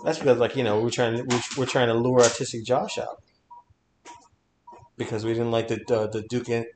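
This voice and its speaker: A man co-hosts a podcast in casual chat, joking and firing off questions. He talks quickly, in a mid-pitched voice. His voice bounces around an echoey room. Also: flat delivery, background noise.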